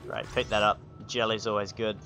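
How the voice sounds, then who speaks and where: A man's voice: on the low side, flat delivery, brisk, bright, forceful tone, faint music behind. A man hosting a gaming channel, giving joking, sarcastic let's play commentary. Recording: game sound noise behind the voice.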